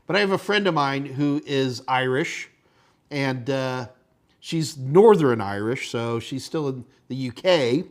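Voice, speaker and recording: A man hosting a live tech question-and-answer stream, rambling casually and thinking out loud as he reads viewer chat. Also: mid-range voice, lively intonation, a little slow. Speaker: tech instructor and show host.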